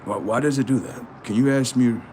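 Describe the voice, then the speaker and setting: A man's voice: medium pitch, fairly even intonation, brisk, dark tone, slight background noise. A man hosting a livestream, preaching in a confrontational way with rhetorical questions and street slang. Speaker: livestream host.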